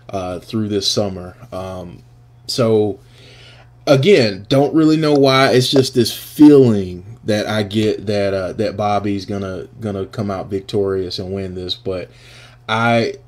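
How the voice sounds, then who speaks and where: Male panel guest for a casual podcast, low and slow-talking, sincere but a little unsure. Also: darkish tone. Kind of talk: casual podcast round-table chat.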